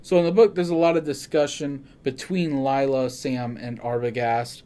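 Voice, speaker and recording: An excitable man hosting a casual podcast. He swears freely and keeps stopping to correct himself. His voice sits at an ordinary mid pitch. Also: moderate pace. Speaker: podcast host.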